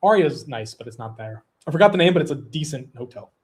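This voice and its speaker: A man's voice: fairly high pitch, expressive, quick pace. A young man hosting a long livestream, chatting casually, rambling, swearing loosely, and reading out viewer super chats. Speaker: livestream host.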